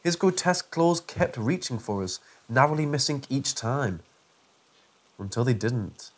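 A man narrating a first-person horror story in a steady, measured reading voice. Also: mid-range voice.

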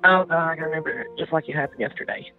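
A woman's voice: sits low, fairly even intonation, very fast. A woman, the victim's older sister, emotionally recalling events in an interview and repeating phrases as she goes. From Georgia, US. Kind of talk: interview recollection. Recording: tinny phone-line interview with music behind.

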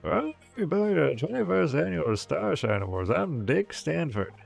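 A man's voice: fairly high pitch, very animated, normal speed, creaky, faint music behind, voice pushed up, exaggerated voice. A man voicing a vain, self-pitying aging male television host at an awards show in a video game. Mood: pompous. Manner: showbiz compere patter, pompous.

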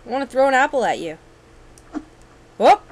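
A young woman giving casual, excitable commentary while playing a video game, with sudden yelps and running chatter. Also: sits high, normal speed, a little hiss or hum, poor audio. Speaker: let's play gamer.

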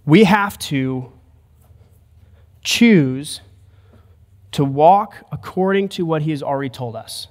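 A man's voice: fairly high pitch, expressive, slow, long pauses. Preaching man in a reverberant hall. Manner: earnest, rising to emphatic preaching. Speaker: pastor. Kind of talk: sermon. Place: church sanctuary. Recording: long church hall reverb.

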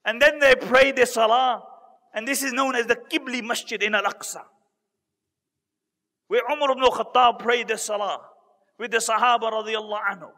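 High-voiced man preaching with hall reverb. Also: steady tone, sharp tone. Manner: earnest, dramatic retelling with emotional pauses. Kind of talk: storytelling sermon.

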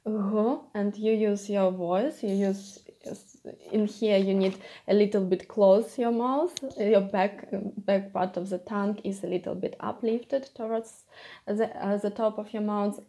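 A woman with a Ukrainian accent teaching a pronunciation lesson, repeating sounds slowly for practice. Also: medium pitch, dark tone. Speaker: language teacher.

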